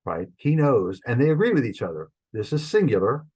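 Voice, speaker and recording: A man's voice: medium pitch, sing-song, fairly quick, warm tone, breathy edge, low-quality recording. A man teaching a beginners' Greek class from a shared screen, explaining patiently and thinking aloud with frequent fillers. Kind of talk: recorded online lesson with screen sharing.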